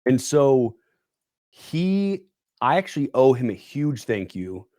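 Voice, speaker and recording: A man's voice: medium pitch, sing-song, takes it slowly, warm tone, no room sound, studio quality. A young man guesting on a podcast, telling a rambling story and leaning on "like" and "dude". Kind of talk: casual storytelling chat. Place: podcast studio.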